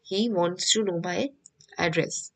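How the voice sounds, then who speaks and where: A woman's voice: fairly low pitch, slow pace, poor audio. A woman with an Indian English accent teaching an online French class, patiently repeating each point.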